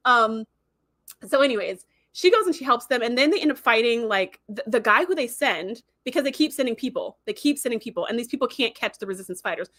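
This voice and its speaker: Woman, livestream host, casual and animated; fairly high voice, dry close sound. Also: fast, dry recording. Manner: animated retelling, acting out characters' lines.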